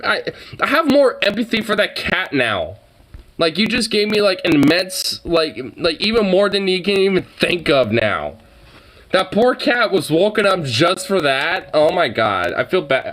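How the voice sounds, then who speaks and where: Slow, lively casual streamer. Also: medium pitch, slight background noise. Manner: profane, scolds and coos at pets; reacts to chat messages. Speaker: live streamer. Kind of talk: casual live-stream chat.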